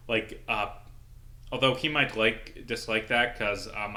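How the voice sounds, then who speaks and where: Profane, ranting young man with a bright voice. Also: medium pitch. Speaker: vlogger and local journalist. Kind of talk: casual ranting vlog over gameplay.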